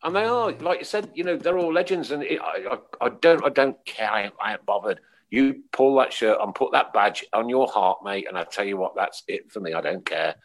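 A man's voice: medium pitch, lively intonation, a little fast. A man hosting a casual podcast, hearty and chatty, reading out listener messages. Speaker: podcast host.

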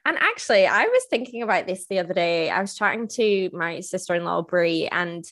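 Woman podcast host, low voice, friendly and chatty, dry close sound. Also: big pitch swings, a little fast, a bit bright, dry recording. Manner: friendly and chatty, laughs often. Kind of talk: casual interview chat and scripted sign-off.

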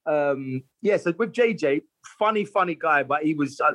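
A man, a footballer guest telling lively anecdotes in a casual interview, laughing and repeating himself. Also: a little high, moderate pace.

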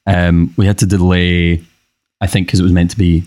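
Young male musician guest, very low voice, rambling with ums, dry close sound. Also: flat delivery, moderate pace, warm tone, clear, resonant tone, no echo. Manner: rambling, hesitant, with many fillers. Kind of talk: casual chat.

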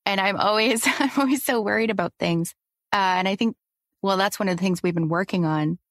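A woman's voice: medium pitch, brisk, fairly bright tone, no echo, studio quality. A woman who is a coaching client, speaking openly and self-reflectively, often laughing. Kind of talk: casual chat.

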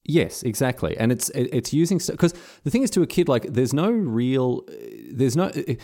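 A man co-hosting a casual podcast chat, animated and jokey, with many restarts. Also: medium pitch, moderate pace. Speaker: podcast co-host.

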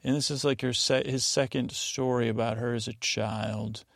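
A man's voice: mid-range voice, steady tone, moderate pace, gravelly, no echo, clean studio sound. A man hosting a bedtime podcast, meandering through a rambling, digressive recap with many fillers and self-corrections. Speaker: podcast host.

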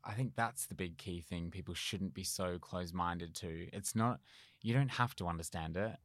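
Deep-voiced calm male guest. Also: moderate pace, dry recording, clean studio sound. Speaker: medium, guest. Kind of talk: conversational interview answers.

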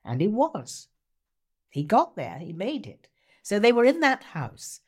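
A woman guest, an actor and writer, telling stories in animated conversation with a theatrical, emphatic manner. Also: medium pitch, a little slow, husky.

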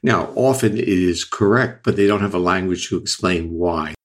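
An older man with a lowish voice explains science on an interview show. His delivery is measured and lecturing. He often backs up and restarts a phrase to correct himself. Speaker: neuroscientist guest.

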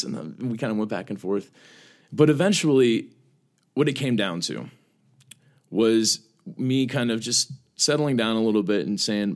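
A man's voice: lowish voice, moderate pace. A man co-hosting a podcast, telling a personal story in an earnest, casual way, often repeating words as he starts phrases. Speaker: podcast co-host.

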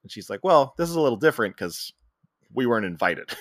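A man's voice: medium pitch, big pitch swings, fast, a bit bright, dry recording, studio quality. A man co-hosting a podcast, casually retelling a film's scenes and quoting its lines. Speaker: podcast co-host. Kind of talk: casual movie recap chat.

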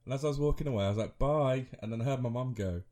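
A man's voice: medium pitch, rapid-fire, mellow. A man in his thirties co-hosting a podcast, rambling through a story with frequent laughs and self-mocking asides. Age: 30s. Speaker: podcast co-host. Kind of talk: casual chat.

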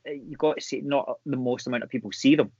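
A man with a Scottish accent, an actor chatting casually and telling stories with animated energy. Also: medium pitch, quick pace, breathy edge, no room sound, lo-fi sound. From Scotland. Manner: animated storyteller, laughs easily. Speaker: actor guest. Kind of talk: casual chat.

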